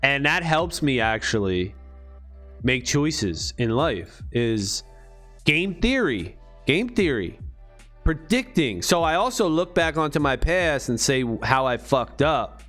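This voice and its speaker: A man's voice: a little high, sing-song, slow, fairly bright tone, faint music behind. A man talking to his channel in a rambling, profane monologue full of rhetorical questions. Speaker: crypto vlogger.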